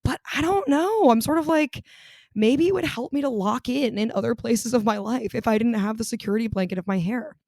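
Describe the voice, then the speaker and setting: A young woman hosts her solo podcast in a casual, gossipy chat, her voice sitting a touch high. She leaps upward when something excites her. The sound is close and dry, with no room around it. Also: fairly quick, no room sound. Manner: chatty, gossipy, animated with pitch jumps on excited asides. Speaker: podcast host.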